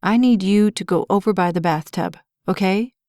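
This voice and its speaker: A woman reading an audiobook, voicing a calm young male firefighter who speaks gently and patiently to a trapped child. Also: medium pitch, moderate pace, no room sound, studio quality, lightly acted. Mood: soothing. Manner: soothing, patient, reassuring.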